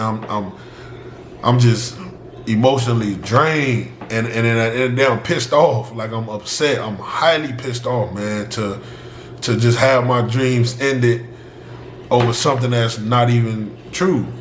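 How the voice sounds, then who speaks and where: A young man tells a personal story in a casual, animated way, jumping between his own voice and those of the people in it, with frequent laughs. His voice sits in a middle register, with a roomy echo around it and a faint hum of noise behind. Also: medium pitch, a little slow. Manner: animated, acts out both sides of the dialogue, laughs often. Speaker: former football player telling his story.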